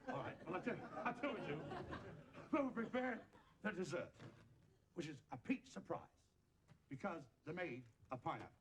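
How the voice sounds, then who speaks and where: A man's voice: a little high, very animated, moderate pace, long pauses. A man doing comic stage patter for an audience, bumbling and giggling at his own jokes in mock exasperation, heard on an old TV recording. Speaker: stage comedian and magician. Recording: old TV recording with loud background noise. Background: audience laughter.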